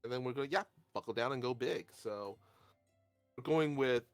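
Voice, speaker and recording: A man as game master, calmly guiding players through a tabletop game session. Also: medium pitch, normal speed, clear, resonant tone, dry recording, faint music behind.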